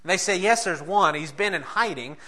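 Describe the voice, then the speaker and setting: A man's voice: high-pitched, animated, brisk, pushed and bright. A man preaching a sermon, earnest and direct, often asking his listeners questions and chuckling now and then.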